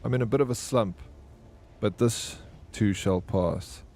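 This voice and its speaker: A man's voice: on the low side, measured pace, darkish tone. A man streaming a video game live, chatting casually with viewers and telling rambling stories full of fillers and restarts. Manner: reads out and answers chat messages. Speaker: livestreamer. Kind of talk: casual live gameplay chat.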